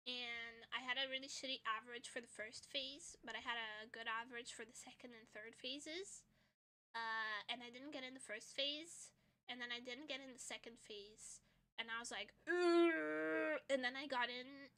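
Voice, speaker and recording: A woman's voice: a little high, steady tone, normal speed, bright, forceful tone. A young adult woman streaming, chatting casually and informally with her viewers and swearing freely. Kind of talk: casual chat.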